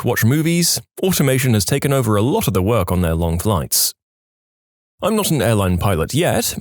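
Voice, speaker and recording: A man narrating posts from an online forum, reading them in a lively, expressive way with a touch of playful sarcasm. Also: fairly low pitch, dry recording, clean studio sound. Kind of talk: storytelling narration.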